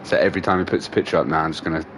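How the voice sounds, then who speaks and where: A man's voice: rumbling low, steady tone, very fast, background noise. A young man streaming a racing game, chatting casually and teasing a friend, swearing freely. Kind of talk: casual gaming livestream chat. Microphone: gaming headset.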